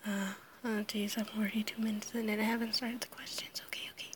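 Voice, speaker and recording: Her voice rough and half-whispered from illness, a woman haltingly works through a questionnaire in a relaxed solo recording, apologizing frequently and laughing with nerves. She speaks in a flat, mid-range voice over slight background noise, recording as an audio creator.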